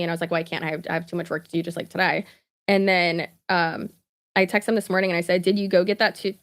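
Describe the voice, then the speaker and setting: A woman's voice: on the low side, steady tone, fairly quick. A woman, chatting casually on a live stream with lots of asides, fillers and laughter. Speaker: vlogger.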